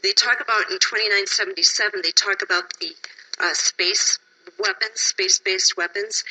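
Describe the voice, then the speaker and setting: A woman's voice: mid-range voice, steady tone, a little fast, bright, forceful tone, poor audio. A tired woman from Wisconsin giving emotional, pleading testimony at a public hearing, sometimes dropping to a whisper. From Wisconsin, USA.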